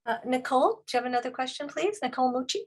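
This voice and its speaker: A woman moderating a press interview, calling on reporters in a brisk, polite way. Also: sits high, animated, breathy edge.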